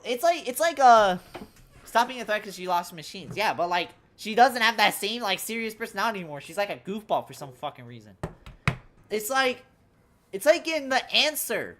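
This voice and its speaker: A young woman streaming a game live, ranting casually and profanely about characters and saying "bro" a lot. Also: mid-range voice. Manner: ranting, profane, animated, says "bro" often. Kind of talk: casual live-stream commentary while gaming.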